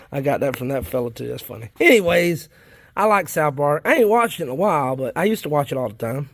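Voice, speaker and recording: This fast-talking worm farming vlogger has a somewhat high voice with vocal fry, captured in a dry recording. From South Carolina, he films his worm bins while chatting in a casual, folksy, rambling way, and he gets excited easily.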